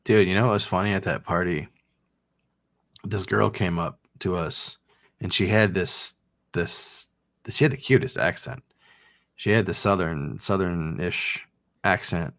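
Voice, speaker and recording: A man's voice: deep voice, a little slow, creaky, long pauses, fairly bright tone, no echo, studio quality. A married man co-hosting a casual podcast chat, telling stories animatedly and swearing casually. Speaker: podcast co-host.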